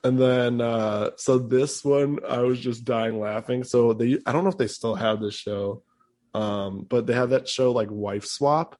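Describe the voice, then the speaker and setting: A man's voice: medium pitch, fairly even intonation, unhurried, darkish tone. A young man co-hosting a podcast in loose, casual chat, swearing freely and laughing often. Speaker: podcast co-host.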